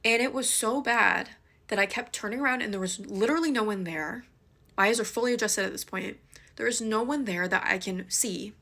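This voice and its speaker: A young woman with a mid-range voice tells a scary personal story in casual speech. She swings between quick rushes and slow, weighty pauses. It sounds like it was recorded close on a phone. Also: mid-range voice, vocal fry. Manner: animated and dramatic, shifting between fast rushes and slow emphasis.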